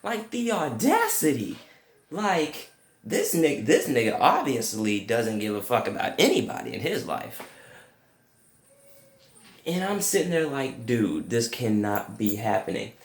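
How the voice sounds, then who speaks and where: A young man telling a comic story with crude language, jumping to high yelps when quoting himself. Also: unhurried, echoey room. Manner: animated, profane, jumps to high yelps for quoted reactions. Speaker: comedic storyteller.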